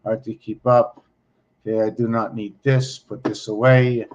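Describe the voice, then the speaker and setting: A man hosting his own channel, talking viewers through his screen slowly as he searches for things, rambling and correcting himself along the way. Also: lowish voice, flat delivery, a little mellow, dull audio, a little hiss or hum. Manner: slow, rambling, searching aloud with many pauses and self-corrections. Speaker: channel host teaching on screen. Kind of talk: thinking-aloud screen walkthrough.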